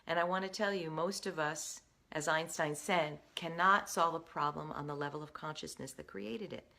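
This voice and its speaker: Low-voiced woman giving emphatic advice. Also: normal speed, creaky, pushed and bright. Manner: earnest, emphatic, addresses viewer directly. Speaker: career coach. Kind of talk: direct-to-camera advice talk.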